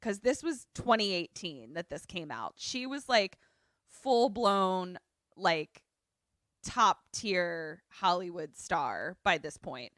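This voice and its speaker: A woman co-hosting a podcast in casual chat, retelling a film as an animated, joking storyteller who swears freely, on a remote call. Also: fairly low pitch, takes it slowly, no echo, clean studio sound. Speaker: podcast co-host. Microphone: remote call setup.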